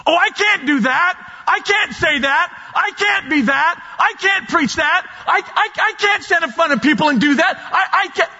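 A man's voice: extremely high pitch, lively intonation, normal speed, few pauses, bright, forceful tone, pitched above the performer's own voice, heavily acted. A man preaching who mimics a timid believer stammering excuses in a whining voice. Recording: dull sound with long hall reverb.

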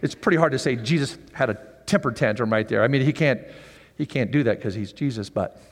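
A man's voice: mid-range voice, brisk, big-room sound. A man preaching a sermon in a conversational way who acts out the scenes. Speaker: pastor.

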